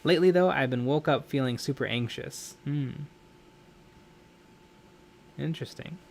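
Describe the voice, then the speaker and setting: Young male streamer, mid-pitched, loose rambling chat with frequent restarts. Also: unhurried, vocal fry, darkish tone. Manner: rambling, self-correcting, laughs often. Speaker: livestream host. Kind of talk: casual live-stream chat while painting.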